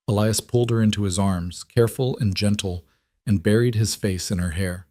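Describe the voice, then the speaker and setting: A man narrating a western storybook with a calm, measured, scripted delivery. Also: lowish voice, no room sound, studio quality.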